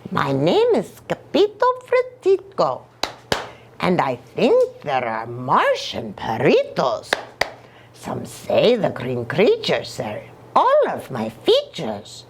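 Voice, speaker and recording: A woman's voice: on the low side, huge pitch swings, slow pace, a little hiss or hum, voice pushed down, full character voice. A woman voicing a playful young male kitten who pretends to be a chihuahua, speaking his lines in a sing-song rhyme. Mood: rhyming, dreamy. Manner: sing-song rhyming delivery.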